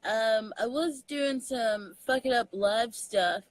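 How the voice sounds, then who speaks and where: A young adult woman from Texas with a Southern accent, chatting casually as a comedian guest, animated and laughing often. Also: fairly high pitch, takes it slowly, no room sound, low-quality recording. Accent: Southern US, Texan. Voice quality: animated storyteller, laughs often, mixes in slang. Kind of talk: casual chat.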